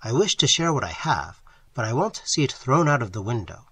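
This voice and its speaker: A man voicing a brisk, teasing young man who lectures his friend firmly but kindly, read as part of an audiobook. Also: mid-range voice, sing-song, fairly bright tone, husky, no echo. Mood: lecturing.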